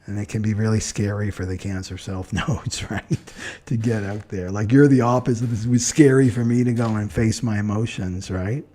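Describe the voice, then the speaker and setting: A man who is an astrologer, chatting in a relaxed way on a live stream as he answers viewer comments, often adding "right?" and short laughs. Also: on the low side, moderate pace. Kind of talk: live-stream talk and chart reading.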